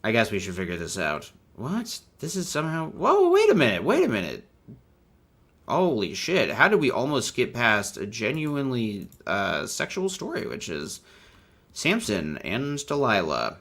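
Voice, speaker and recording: A man's voice: mid-range voice, huge pitch swings, a little slow, a bit bright. A man hosting a casual, irreverent comedic commentary, laughing often as he talks. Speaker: host.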